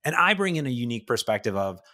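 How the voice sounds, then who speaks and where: Energetic male podcast host. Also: medium pitch, fast talker, no echo, studio quality. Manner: energetic, animated, self-deprecating. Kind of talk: casual podcast chat.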